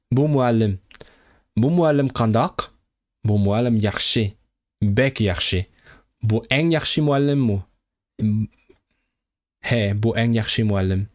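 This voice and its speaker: Casual male streamer, slightly low voice, drills foreign phrases slowly and muses aloud with many ums. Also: a little mellow. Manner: thinking aloud, halting, with many fillers and restarts; slow, careful repetition of foreign phrases. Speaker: language-learning streamer. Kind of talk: casual livestream language practice.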